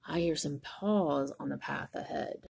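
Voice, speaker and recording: A big, slow-witted storybook monster, hungry and lumbering, as a grandmother puts him on. The voice is low, husky and gravelly, dragging out its words with a mellow weight. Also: exaggerated voice.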